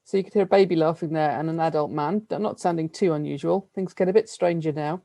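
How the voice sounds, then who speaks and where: Lively British academic woman, middle-aged, lowish voice, dry computer mic on a video call. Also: quick pace, gravelly, dry recording. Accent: British English. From United Kingdom. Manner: lively, chatty, self-deprecating with little laughs. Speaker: lecturer. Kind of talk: academic plenary talk over video call.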